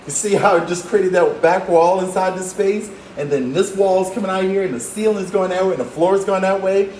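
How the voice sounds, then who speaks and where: Encouraging the viewer at every step, a male art teacher demonstrates a drawing. His voice is high-pitched, steady, brisk and a little mellow; the recording has a little hiss or hum, roomy echo and faint ambience.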